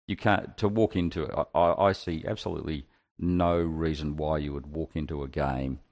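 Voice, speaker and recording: A man speaking in an extremely deep voice as he chats about tabletop games. He talks earnestly and often stumbles as he starts a sentence. His tone stays casual and conversational. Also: steady tone, normal speed, a little mellow.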